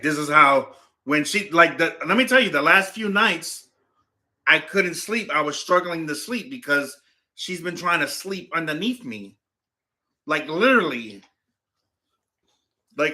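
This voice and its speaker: Bright-voiced man rambling casually at home. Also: a little high. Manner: rambling, storytelling with lots of fillers. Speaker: show host. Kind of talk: casual chat. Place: home, on a couch.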